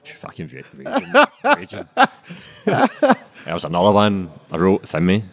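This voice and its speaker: A man's voice: sits low, wildly swooping pitch, moderate pace, no echo. A young Scottish man with a Glasgow accent, a sweary author chatting casually on a podcast, rambling and tagging his points with "know what I mean". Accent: Scottish, Glasgow area. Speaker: author guest.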